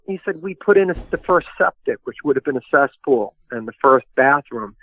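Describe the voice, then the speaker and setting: A man's voice: fairly high pitch, lively intonation, brisk, no room sound. A man, a historian and author, telling long rambling anecdotes in a casual interview, full of fillers. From New York area. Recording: tinny phone-like line, dry.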